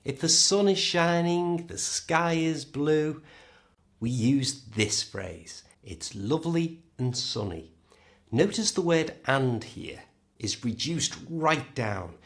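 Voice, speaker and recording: Slow-speaking British English teacher. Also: male voice, a little high, expressive. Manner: slow, clear, modelling words for the learner. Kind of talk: pronunciation lesson.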